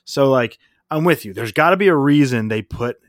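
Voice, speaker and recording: A man's voice: mid-range voice, animated, brisk, no echo, clean studio sound. A man co-hosting a casual chat, easygoing and self-deprecating. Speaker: podcast co-host.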